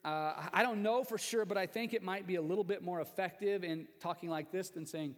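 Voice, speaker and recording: A man's voice: sits high, a little fast, few pauses, in a large hall. A male pastor preaching a sermon in a chatty, joking way, speaking directly to the congregation. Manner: conversational preaching with jokes and asides to the congregation. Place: church sanctuary.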